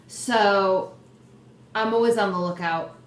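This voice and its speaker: A young woman hosting her own vlog, chatting excitedly and poking fun at herself. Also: mid-range voice, slow pace. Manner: excitable, chatty, self-deprecating. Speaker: host. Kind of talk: casual vlog chat. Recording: roomy echo, faint background noise.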